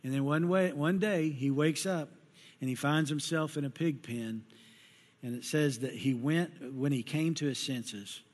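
Middle-aged pastor preaching in a hall. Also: male voice, a little high, unhurried, darkish tone. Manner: folksy storyteller acting out voices. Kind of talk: sermon with personal stories. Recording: long hall reverb.

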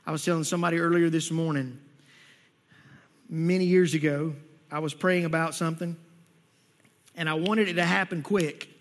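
A man with a fairly high voice delivers a sermon, telling his own stories in an earnest way. He presses his points with growing emphasis. Long reverb hangs on his words in a hall. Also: steady tone, normal speed, pauses often. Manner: earnest storytelling, rising emphatic near the end. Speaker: preacher.

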